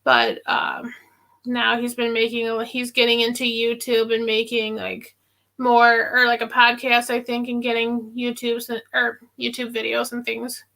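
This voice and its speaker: A woman's voice: on the high side, fairly even intonation, unhurried, creaky, pushed and bright. A woman pharmacy worker in a casual live-stream chat, rambling and giggly with many fillers.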